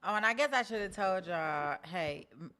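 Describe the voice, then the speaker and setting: A woman's voice: on the low side, animated, moderate pace. A woman hosting a true-crime commentary show, talking casually with lots of restarts. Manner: casual, chatty, many restarts. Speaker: host.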